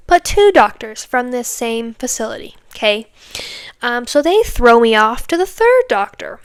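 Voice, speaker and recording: A young woman in her twenties tells her own story on a podcast, rambling from point to point and tagging sentences with little checks to the listener. Her voice sits a bit high and sounds smooth and clear. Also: sing-song, moderate pace. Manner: chatty, rambling with many fillers and tag questions. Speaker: podcast host. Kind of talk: casual personal storytelling.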